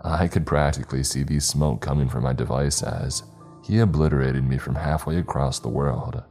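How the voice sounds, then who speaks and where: A man's voice: rumbling low, moderate pace, darkish tone, soft background music. A man narrating a scripted horror story in a wry, casual storytelling manner.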